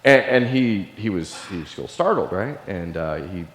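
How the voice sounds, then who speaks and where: A Navy veteran from Illinois, middle-aged, tells a personal story with earnest confession during a keynote in a large hall. His low-pitched voice is very animated, moving at a moderate pace. Long reverb makes the recording echoey.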